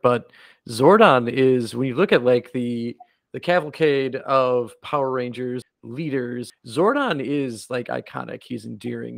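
A man's voice: mid-range voice, creaky, no echo. A male interviewer asking an enthusiastic, admiring question.

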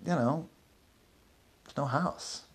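Worn-out forties neighbor guy, rambles and trails off, rough husky voice, as a storyteller puts him on. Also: fairly high pitch, slow, voice pushed up, exaggerated voice. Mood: weary. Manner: rambling, hesitant, many fillers. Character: neighbor man in his forties, weary, evasive.

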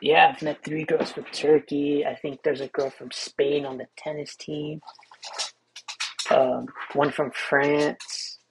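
A man's voice: a little high, little pitch movement, takes it slowly, background noise. A young man hosting a solo podcast, rambling in a laid-back way with many restarts and fillers. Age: young adult. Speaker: podcast host. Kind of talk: casual solo podcast monologue.

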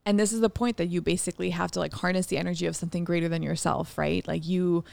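A young woman speaks in a lowish voice, telling a story in a frank, unfiltered way. She swears freely and laughs often while she talks. Her voice sounds close and dry, with no room sound. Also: steady tone, fast, gravelly, darkish tone, no echo. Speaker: podcast co-host. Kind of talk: candid storytelling chat.

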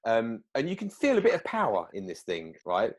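A man telling a story in casual chat, animated, acting out quoted lines with big jumps in pitch. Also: fairly quick.

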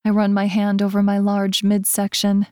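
A woman's voice: mid-range voice, monotone, moderate pace, darkish tone, clean tone, no room sound, studio quality. A woman narrating a romance audiobook in first person, voicing the characters in turn.

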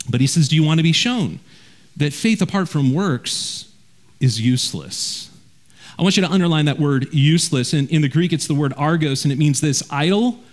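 A man preaching a verse-by-verse sermon as a pastor, earnest and direct, often dropping low and quiet to drive a point home. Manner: earnest preaching, drops low and quiet for emphasis, repeats words when restarting.

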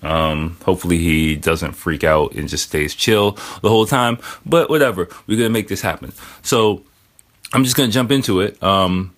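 A man's voice: sits low, normal speed, a bit bright. A young man hosting his own podcast from his living room sofa, talking in a laid-back, slangy way with casual swearing. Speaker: podcast host. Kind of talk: casual chat. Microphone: camera and phone on tripods.

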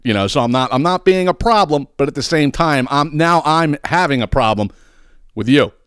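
A man's voice: a little high, expressive, normal speed, fairly bright tone, clean tone, dry recording, clean studio sound. A man, probably in his thirties, hosting a podcast and telling a profane, exasperated story. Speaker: podcast host. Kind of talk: ranting storytelling.

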